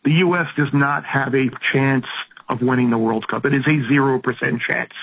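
A male soccer analyst guest calling in by telephone from a room with cedar paneling, speaking in a halting way with many fillers and repeated words. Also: mid-range voice, steady tone, husky. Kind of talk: casual chat. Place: indoor room with cedar paneling and air conditioning running. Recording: dull, lo-fi phone-line audio.

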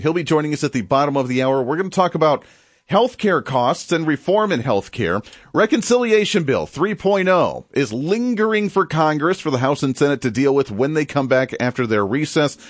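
A man's voice: medium pitch, dry recording, studio quality. A man from the United States hosting a political talk show, delivering an opinionated, sarcastic monologue.

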